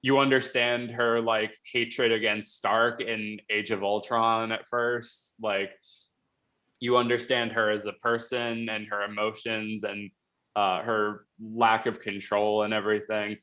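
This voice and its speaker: A man hosting a casual episode review, talking quickly in a rambling way with lots of fillers and restarts. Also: fairly low pitch, little pitch movement, sharp tone. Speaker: show host reviewing a TV episode.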